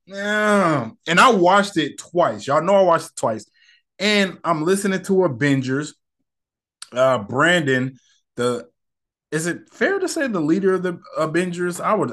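A young man hosting his own podcast, chatting loosely and candidly in slang. His voice sits a little high for a man, and he rambles from one thought to the next as he talks into his mic. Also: a bit bright. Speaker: podcast host. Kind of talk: casual solo podcast chat.

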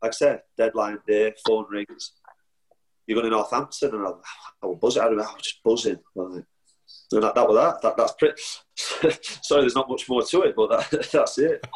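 This Sheffield-born footballer, whose accent is Northern English, tells anecdotes as a guest in laid-back chat, restarting often and laughing. His voice is on the low side at normal speed, recorded with poor audio.

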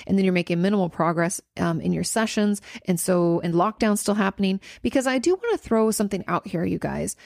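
A woman's voice: mid-range voice, vocal fry, darkish tone, dry recording, studio quality. A woman therapist hosting a podcast, answering a listener's question in casual, rambling talk with emphatic repetitions and restarts.

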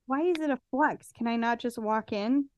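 A woman's voice: a little high, moderate pace, no room sound. A woman co-hosting a podcast, chatting casually and sarcastically, often acting out quotes. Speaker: podcast co-host. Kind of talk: casual chat recapping a reality show.

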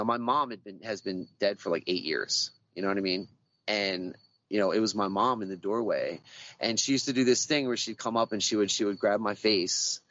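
Earnest, low-voiced man reflecting. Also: a bit bright, dull audio. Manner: earnest and reflective, many ums and restarts. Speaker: guest. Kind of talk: casual conversation. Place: outdoors.

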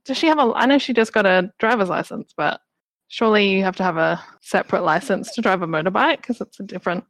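A woman's voice: mid-range voice, fast talker, fairly bright tone, dry recording, low-quality recording. A woman hosting a podcast who recaps a film in a chatty, wry way and acts out the characters' lines. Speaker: podcast host reviewing a film. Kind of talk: casual chat.

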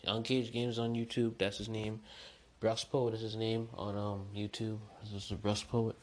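A young man hosting a solo podcast, chatting in a rambling, excitable, slangy way. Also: fairly low pitch, measured pace. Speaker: podcast host. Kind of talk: casual solo podcast chat.

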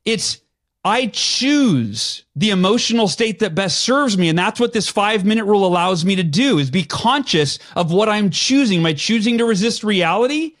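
High-voiced animated male storyteller. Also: normal speed. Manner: animated storyteller, acts out his own past voice. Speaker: guest. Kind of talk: storytelling in a podcast interview.

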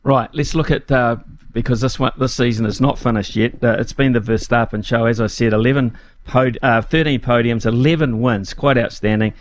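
A man hosting a casual chat, unhurried and with many fillers. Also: mid-range voice, fairly even intonation. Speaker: host.

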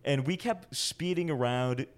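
A man's voice: medium pitch, a little slow, clean tone. A man telling a wild story in casual podcast chat, swearing freely and acting out what others said. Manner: profane, animated retelling. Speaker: podcast co-host.

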